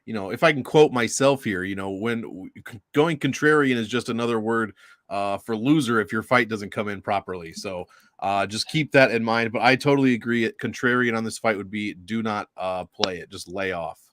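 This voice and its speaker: A man with a fairly low voice co-hosts a betting podcast in relaxed chat. He is easygoing and agreeable. The room sound is dry. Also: normal speed, no room sound. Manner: easygoing, agreeable, laughs along. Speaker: co-host of a betting show.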